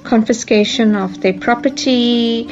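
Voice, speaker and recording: A woman's voice: a little high, unhurried, a little mellow, lo-fi sound. A woman speaking as a historian in a documentary interview, explaining in a conversational way with many fillers and restarts. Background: music.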